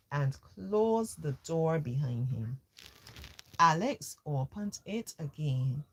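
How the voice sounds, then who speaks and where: A woman's voice: sits low, husky. A woman reading a children's storybook aloud, voicing the characters and adding chatty comments of her own.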